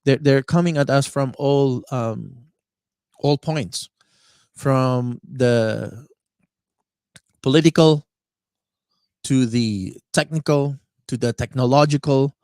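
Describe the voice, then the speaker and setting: Male internet radio host, mid-pitched, dry close mic, rambling and halting delivery. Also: a little mellow, clean tone, no echo. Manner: halting, many fillers and word searches. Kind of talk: live-stream monologue.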